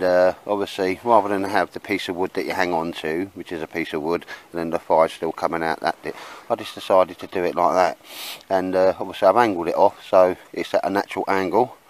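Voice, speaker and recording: Low-voiced man vlogging in the woods. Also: rough recording. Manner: chatty, rambling, many fillers. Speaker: bushcraft vlogger. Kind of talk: casual outdoor vlog. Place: woods outdoors.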